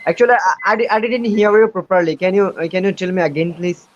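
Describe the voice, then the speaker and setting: A man from Asia, a guest on a livestream, speaking hesitantly with halting phrases and many fillers. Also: sits high, fairly even intonation, muffled recording. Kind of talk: casual chat.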